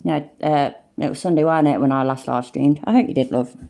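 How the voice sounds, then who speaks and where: An older woman hosts a casual live stream and chats to her viewers in a lowish, mellow voice. She swears freely and calls people love and mate. Her talk is loose and full of asides. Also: fast, vocal fry. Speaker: livestream host.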